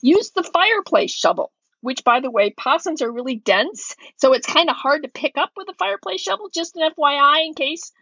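Podcast co-host, woman, higher voice, a bit dull on the mic, storyteller. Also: fairly quick, few pauses, dry recording. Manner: animated storyteller, acts out her own yelling. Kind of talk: casual storytelling chat.

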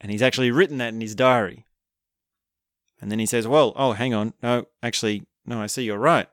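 A man casually recapping a film, telling it with animated energy and acting out the characters' lines with chuckles. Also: medium pitch, fairly quick, no room sound, studio quality. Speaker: film reviewer.

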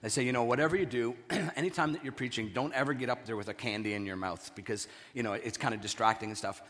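Man, pastor, hoarse, throat-clearing, conversational sermon, reverberant hall. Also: medium pitch, quick pace, a bit bright. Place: church sanctuary.

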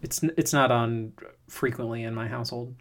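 A man's voice: mid-range voice, little pitch movement, moderate pace, fairly bright tone. A man co-hosting a podcast, analyzing a book's characters in casual chat with hesitant fillers. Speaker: podcast co-host. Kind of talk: casual book discussion.

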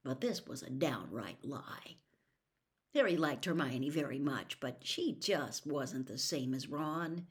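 A woman narrating an audiobook with expressive storytelling, at times dropping to a whisper. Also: extremely low pitch, slow.

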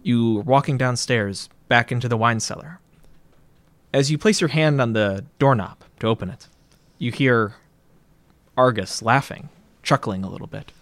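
A man narrating a tabletop role-playing game as game master, describing scenes calmly. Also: medium pitch, moderate pace, no room sound.

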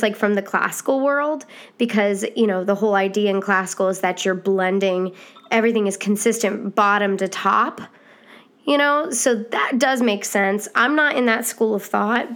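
A woman voice teacher giving a casual, encouraging podcast lesson on singing, now and then dropping into high demonstration sounds. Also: a bit bright.

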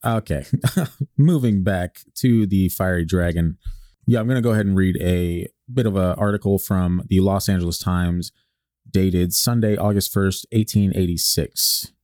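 Deep guy from alaska cohosting a podcast, jokey, reads old articles, dry close mic. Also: mellow, no room sound. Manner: joking, laughs often. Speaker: podcast co-host. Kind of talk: casual chat, reading an old article aloud.

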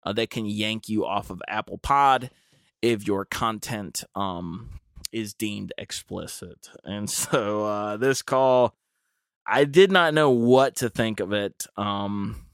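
A man's voice: fairly low pitch, takes it slowly, no room sound, clean studio sound. A young man hosting a casual podcast, rambling along with plenty of fillers and restarts. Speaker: podcast host.

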